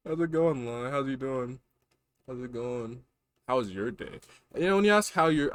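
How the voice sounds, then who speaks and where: A tired man streaming a video game, talking in low, mumbling, self-mocking asides. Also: moderate pace, fairly bright tone, no room sound. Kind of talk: casual game-stream commentary.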